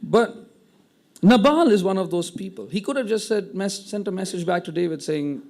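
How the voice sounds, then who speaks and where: A man preaching a sermon, retelling a story with animated acted-out quotes and frequent word restarts. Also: high voice, normal speed. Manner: repeats words when restarting. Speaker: pastor.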